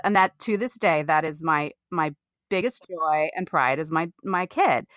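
A middle-aged woman from the Midwest, an actor telling candid stories in an interview, animated and emphatic, swearing freely. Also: medium pitch, fairly quick, no room sound, clean studio sound. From American Midwest.

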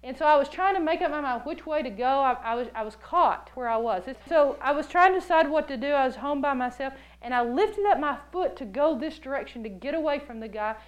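High-voiced woman preaching a sermon. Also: fairly quick, few pauses, poor audio. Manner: animated storytelling, acts out quoted voices; jokey, laughs often.

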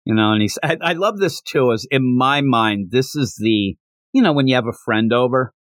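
A man hosting a casual podcast, recapping a manga chapter with jokes and frequent laughs, slipping into quick character voices. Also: mid-range voice, no echo. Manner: animated, slips into character voices while retelling scenes; joking, laughs often. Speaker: podcast host.

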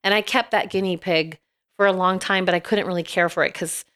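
A woman's voice: fairly low pitch, fairly even intonation, fairly quick, fairly bright tone. A woman, talking as a podcast guest. She tells a long personal story in a loose, chatty way, full of fillers and restarts, and her feelings run close to the surface. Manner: emotional, laughs and tears up while telling a story. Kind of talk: casual chat, storytelling.

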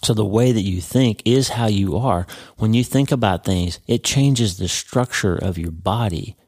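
A man's voice: fairly low pitch, unhurried, darkish tone, husky, no room sound, clean studio sound. A man hosting a podcast, giving an earnest devotional teaching and speaking to the listener as a friend. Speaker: podcast host.

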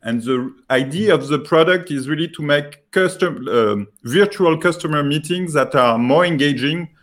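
A Frenchman with a French accent pitches his software product, speaking haltingly and filling gaps with lots of filler sounds.

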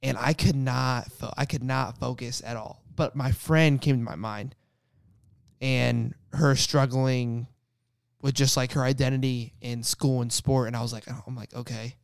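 Smooth-voiced young man telling a story. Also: medium pitch, steady tone, a little slow, no echo, studio quality. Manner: rambling storyteller with many restarts. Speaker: podcast co-host. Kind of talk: casual faith chat.

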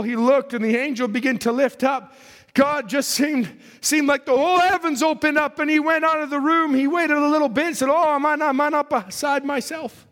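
A man preaching a sermon, storytelling and acting out biblical characters, swinging from shouts to hushed asides. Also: extremely high pitch. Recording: long hall reverb.

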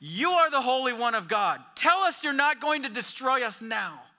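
A man voicing a demon who shouts and taunts, reading it aloud in a sermon. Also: very high voice, big pitch swings, normal speed, pitched above the performer's own voice, heavily acted. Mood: mocking. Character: mocking shrieking male demon.

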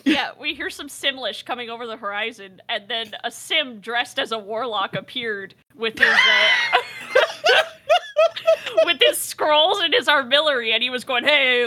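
A young woman recaps a tabletop adventure in a giggly, animated storyteller's manner. Her voice is high and bright, and it swoops widely as she talks. She keeps the story rolling for the group. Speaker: player recapping the session. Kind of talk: episode recap of a tabletop game.

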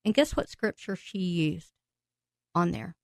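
A woman guest on a podcast telling her personal faith testimony with emotion, laughing and breaking into excited outbursts as she tells it. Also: fairly low pitch, unhurried, dry recording.

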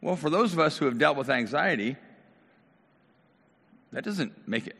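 A man's voice: a little high, expressive, moderate pace, gravelly, long pauses, a bit bright, slightly rough, in a large hall. A middle-aged man preaching a casual, conversational sermon, talking directly to his congregation in a church. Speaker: pastor.

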